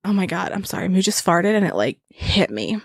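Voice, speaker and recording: A woman's voice: lowish voice, sing-song, fairly quick, gravelly, husky, no echo, clean studio sound. A woman co-hosting a podcast in casual, rambling, giggly banter with frequent swearing, speaking into a desk mic at home. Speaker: podcast co-host. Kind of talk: casual chat. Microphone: desk mic on stand.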